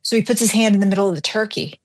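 Racing through an on-air story, a middle-aged radio host speaks in a chatty, animated way at ordinary middle pitch. She performs the quoted lines and makes jokes at her own expense.

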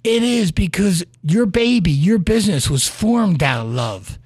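A man's voice: high-pitched, expressive, measured pace, a little mellow, slightly rough, dry recording, studio quality. A man hosting a podcast, giving an earnest motivational monologue full of stories and "right?" asides. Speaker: podcast host.

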